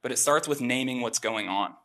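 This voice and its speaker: A man giving a relaxed, chatty sermon with self-deprecating asides. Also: mid-range voice, a little fast. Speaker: preacher. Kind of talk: conversational sermon.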